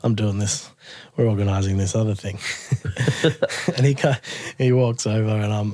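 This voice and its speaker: A man's voice: fairly low pitch, moderate pace, no echo. Laughing man telling a story. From Australia. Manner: animated, laughing storyteller who acts out quotes. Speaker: guest musician. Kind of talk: casual storytelling interview.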